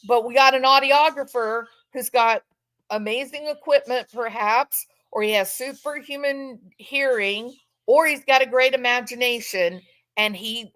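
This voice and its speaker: A woman's voice: a little high, a bit bright. A woman giving impassioned true-crime commentary from home, repeating phrases for emphasis and mock-quoting others.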